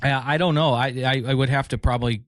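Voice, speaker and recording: A man's voice: mid-range voice, steady tone, fast talker, no room sound, studio quality. A man hosting a podcast, chatting casually with rambling, joking asides. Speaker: podcast host. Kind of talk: casual chat.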